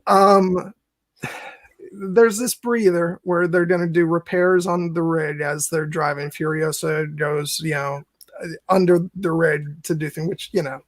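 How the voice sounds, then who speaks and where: A man hosting a film discussion podcast, speaking haltingly with many restarts and occasional chuckles. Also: on the high side, fairly even intonation, no room sound. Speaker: podcast host.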